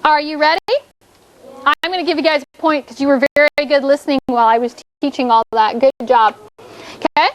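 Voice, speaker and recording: Woman, elementary teacher, very high voice, encouraging classroom delivery, checks in constantly. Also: fairly even intonation, fairly quick. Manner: encouraging, checks in with "okay?" often. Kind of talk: classroom spelling lesson.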